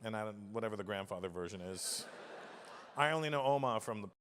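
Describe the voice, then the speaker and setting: A man's voice: on the low side, lively intonation, fast. A male stand-up comedian, brash and teasing the crowd, on a noisy live stage recording.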